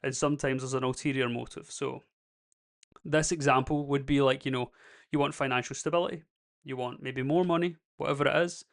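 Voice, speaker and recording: A man's voice: medium pitch, steady tone, fairly quick, gravelly. A young man with a Scottish accent, talking candidly and a bit ramblingly in a casual vlog. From Scotland. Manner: candid, rambling and self-deprecating. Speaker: YouTube creator.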